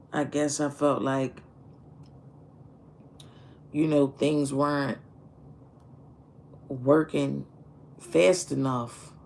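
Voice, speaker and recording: Slow, gravelly-voiced man telling his story. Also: mid-range voice, slight background noise. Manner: candid, profane, reflective, repeats phrases. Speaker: streamer. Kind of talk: casual personal storytelling.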